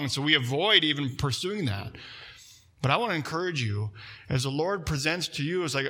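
A man preaching a sermon, telling a personal story with lively swings between loud emphasis and hushed, quiet moments. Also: medium pitch, a little fast, husky. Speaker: pastor.

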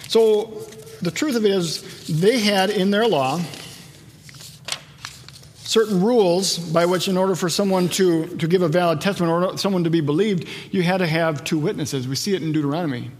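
A man delivering a sermon with a slightly high voice, carried by long reverb as if in a large hall. He slows down for scripture and climbs higher and louder when he drives a point home. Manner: builds in pitch and loudness when stressing a point, slows for scripture. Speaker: pastor.

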